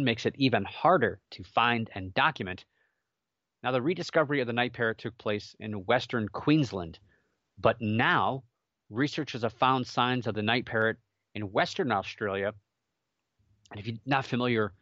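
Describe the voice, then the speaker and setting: A man's voice: on the low side, fairly bright tone, dry recording, lo-fi sound. A man hosting a casual solo show, chatty and rambling with jokey asides and many fillers. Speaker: podcast host.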